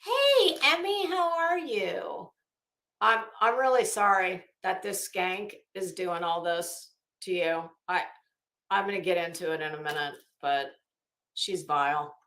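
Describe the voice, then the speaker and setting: A woman's voice: fairly low pitch, measured pace, a bit bright, reverberant. A middle-aged woman hosting a casual livestream, blunt and chatty, greeting viewers by name. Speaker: livestream host.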